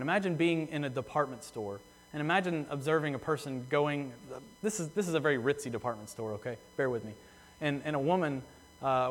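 Earnest preacher in a reverberant church. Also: male voice, on the high side. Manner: earnest, repeats phrases for emphasis, slows on key words. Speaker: pastor. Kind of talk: sermon. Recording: long hall reverb.

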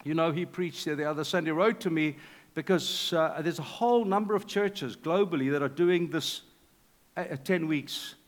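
A middle-aged male pastor preaching a sermon in a conversational, animated way, with asides to the congregation. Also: on the high side, normal speed. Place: church hall. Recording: reverberant hall.

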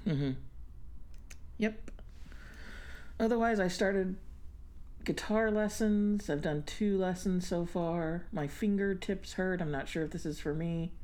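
A woman co-hosting a casual podcast chat, talkative and quick to laugh, often putting on a high squeal to act out her own reactions. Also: a little mellow. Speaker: podcast co-host.

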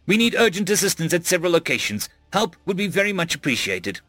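A man's voice: high-pitched, sing-song, fast, fairly bright tone, dry recording, faint music behind, voice pushed up, exaggerated voice. A man voicing an earnest alien predator officer who speaks in an urgent, insistent way.

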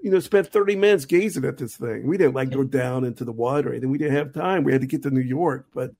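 Gravelly middle-aged man telling road stories. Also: mid-range voice, fast, mellow. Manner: rambling, anecdotal, with frequent restarts. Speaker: touring jazz musician and college teacher, guest. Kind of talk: casual storytelling in a conversation.

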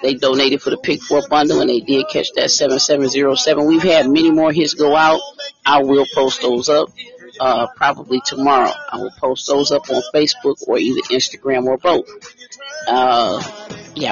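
Faint music plays under dull lo-fi stream audio as a man hosts a casual live stream, reading out lottery picks and chatting with viewers by name. He speaks briskly in a mid-range voice with fairly even intonation.

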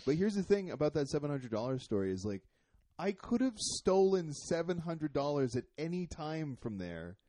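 A man's voice: fairly high pitch, big pitch swings, normal speed, mellow, no room sound. A young man who does comedy, co-hosting a podcast in laid-back, self-deprecating chat with frequent laughs.

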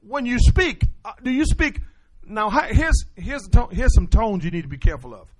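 A man's voice: sits high, moderate pace. A male pastor preaching a sermon, calling out questions to the congregation and answering them himself. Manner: call-and-response preaching, animated.

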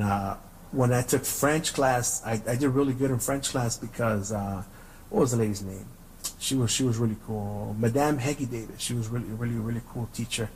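This Southern Californian man hosts a podcast full of casual, profane storytelling and frequent restarts. His voice is mid-range and darkish, and the poor audio carries a little hiss or hum.

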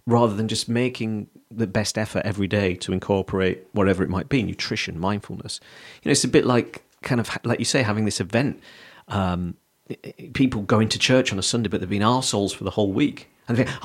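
A man's voice: fairly low pitch, quick pace, hardly any pauses, breathy edge. A man co-hosting a casual surf podcast, talking in a reflective way and swearing now and then. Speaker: podcast co-host. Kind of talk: casual chat.

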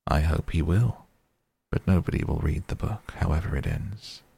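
A man voicing a grave, watchful old male wizard who speaks in a quiet, measured way. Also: extremely low pitch, vocal fry, breathy edge, heavily acted. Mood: thoughtful.

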